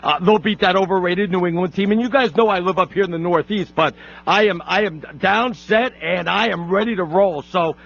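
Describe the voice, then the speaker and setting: A brash, boastful male sports talk radio host whose high voice keeps catching on a gravelly edge. He stumbles and restarts as he talks, and the sound is dull and lo-fi, like an old radio feed. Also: fairly quick, fairly bright tone.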